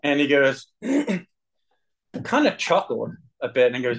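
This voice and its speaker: A man sharing his personal recovery story with a group, earnest and candid, with frequent throat clearing. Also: mid-range voice, very animated, slow, low-quality recording.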